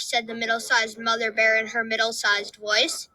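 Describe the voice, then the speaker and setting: Bright, high storybook narrator woman. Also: moderate pace, hardly any pauses, low-quality recording. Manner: clear, lively storytelling. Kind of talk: scripted narration of a children's story. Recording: studio narration with soft music behind.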